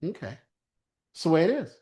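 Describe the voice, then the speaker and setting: A middle-aged man leads a recovery group, sharing candid stories full of crude humor and laughter. His voice is a little high and dark in tone, brisk, with huge pitch swings.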